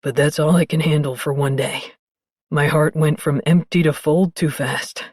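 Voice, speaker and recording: Audiobook read: woman playing an overwhelmed young man in love, dropped low, husky, dry close read. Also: fairly even intonation, moderate pace, a little mellow, no room sound. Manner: low, breathless, strained. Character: lovestruck young male musician, intense. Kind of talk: audiobook character voice.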